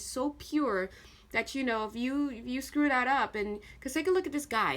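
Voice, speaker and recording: Chatty, animated woman reading tarot. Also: fairly high pitch. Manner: chatty and animated, addresses viewer directly, laughs often. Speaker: tarot card reader. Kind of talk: casual tarot reading to viewers.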